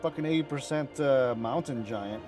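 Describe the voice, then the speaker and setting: A man chatting casually as he reacts to game cinematics, excitable, rambling and profane. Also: medium pitch, moderate pace, over music. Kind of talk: casual chat.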